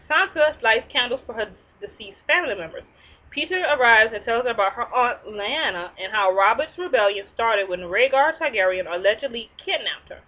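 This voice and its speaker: A woman's voice: a little high, muffled recording. A woman hosting a casual episode recap, reading plot summaries and breaking in with sassy, slangy asides. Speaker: recap show host.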